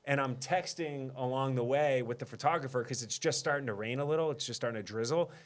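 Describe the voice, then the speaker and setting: A man's voice: mid-range voice, fast talker. A man in his thirties, a mayor sitting as a guest, tells a personal story in a loose, conversational way. He pokes fun at himself and laughs easily. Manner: self-deprecating, laughs often. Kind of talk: casual interview storytelling.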